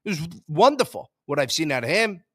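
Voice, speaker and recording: A young man hosting a sports show, ranting in frustration, jumping between loud outbursts and low mutters. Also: big pitch swings, a little fast, dry recording, studio quality.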